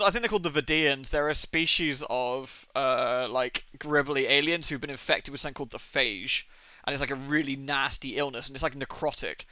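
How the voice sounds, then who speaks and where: A man's voice: mid-range voice, pushed and bright, clean tone, dry recording. A young man chatting casually on a livestream, swearing often and laughing as he talks about old TV episodes. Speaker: streamer.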